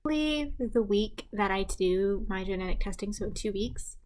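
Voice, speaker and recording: A young woman gives a rambling, self-deprecating vlog update, drifting between tangents. She talks softly at times, dropping into hushed, breathy asides, and her voice sits in an ordinary middle pitch for a woman. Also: expressive, moderate pace. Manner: quiet and hushed at times, while her partner sleeps. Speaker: vlogger. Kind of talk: casual pregnancy update vlog.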